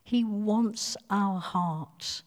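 A woman giving a devotional sermon, speaking earnestly and pleading softly as she dwells on scripture. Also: medium pitch, extremely slow, big-room sound. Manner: earnest, pleading, soft when quoting scripture. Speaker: preacher.

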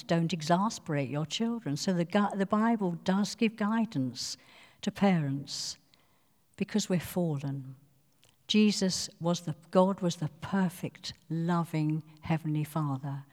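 A woman giving a devotional sermon, speaking earnestly and pleading softly as she dwells on scripture. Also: on the low side, big-room sound. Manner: earnest, pleading, soft when quoting scripture. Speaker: preacher.

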